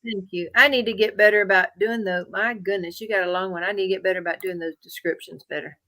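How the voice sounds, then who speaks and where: A woman's voice: medium pitch, fairly even intonation, bright, forceful tone, dry recording. Easygoing woman guest on a livestream. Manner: easygoing, quick agreeing replies. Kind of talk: casual livestream chat.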